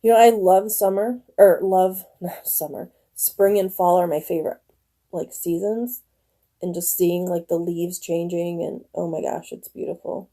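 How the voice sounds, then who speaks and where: A woman in her forties chats with her viewers at home, rambling from one thing to the next and breaking into easy laughter. Her voice is very mellow and a little low. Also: fairly even intonation. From northern Michigan. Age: 40s. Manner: chatty, rambling, quick to laugh. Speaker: live-stream host. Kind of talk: casual chat with viewers.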